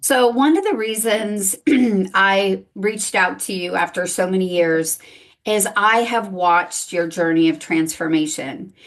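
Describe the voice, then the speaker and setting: A woman's voice: medium pitch, measured pace, a bit bright. A woman hosting a faith-based interview podcast, asking guests earnest, reflective questions. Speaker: podcast host.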